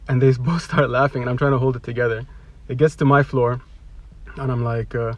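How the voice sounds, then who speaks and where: A man's voice: medium pitch, steady tone, moderate pace, dry recording. A man telling a casual, amused anecdote about a stranger's remark. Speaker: storyteller.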